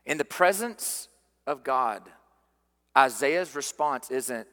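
A man preaching a sermon, swinging from loud emphatic peaks to hushed low passages. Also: animated, slow, in a large hall. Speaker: pastor.

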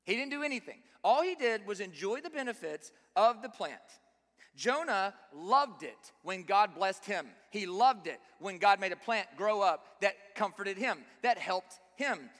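Male preacher, sermon, bright forceful tone, emphatic, rhetorical questions, long hall reverb. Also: high-pitched, expressive, measured pace.

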